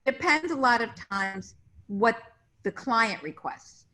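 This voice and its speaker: A woman's voice: a little high, lively intonation, slow, pushed and bright. Chatty woman casting director telling stories. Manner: chatty anecdotes, acting out quoted voices. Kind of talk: casual interview storytelling.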